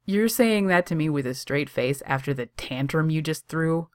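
A reader playing a cocky young coffee-shop owner who shouts and swears sarcastically. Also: mid-range voice, expressive, moderate pace, dry recording, clean studio sound, lightly acted. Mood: mocking.

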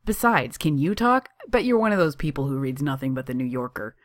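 A reader voicing an excitable young man who works as a barista, eager and teasing as he talks. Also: medium pitch, fairly quick, no room sound, studio quality, lightly acted. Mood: playful. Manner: eager and teasing, laughing easily.

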